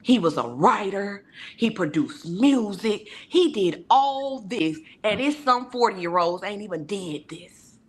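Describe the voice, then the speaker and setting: A woman's voice: medium pitch, fairly bright tone. A woman giving a heartfelt, emphatic testimony on a video call, preacher-like in her delivery and acting out the voices she quotes. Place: virtual town hall video call.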